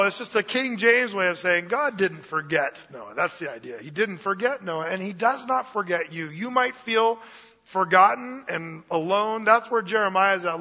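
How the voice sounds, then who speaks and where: High, bright-voiced preacher in a hall. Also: male voice, moderate pace. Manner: lively, conversational preaching with playful asides. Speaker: pastor. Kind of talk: sermon. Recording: dull lo-fi sound, long reverb of a hall.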